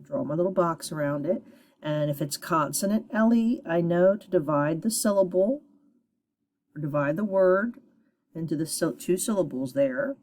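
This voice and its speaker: A woman teacher giving a phonics lesson to children, sounding out syllables slowly and encouragingly. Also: fairly low pitch, lively intonation, a little mellow.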